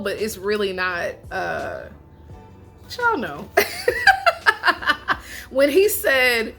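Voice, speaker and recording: Young female show reviewer: lively, casual, bright-toned, with soft music behind. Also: medium pitch, slow pace, pauses often. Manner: chatty and animated, laughs often, slangy asides. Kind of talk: casual chat.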